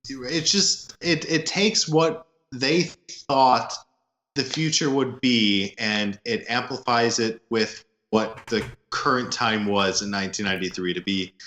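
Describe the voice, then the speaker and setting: Joking male co-host, lower voice with a sharp edge, roomy echo. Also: unhurried. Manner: loose, joking, lots of fillers. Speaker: podcast co-host. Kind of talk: casual movie review chat.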